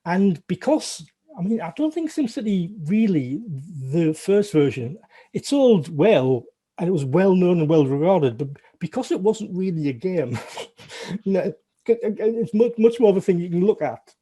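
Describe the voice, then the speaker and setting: A middle-aged man with a Northern English accent reminisces in a loose, rambling way. His humour is wry and self-deprecating. His voice is dark and mellow with a husky edge, and it sits a little high for a man. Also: big pitch swings, normal speed. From Northern England. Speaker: guest, former games programmer. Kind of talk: casual interview recollection.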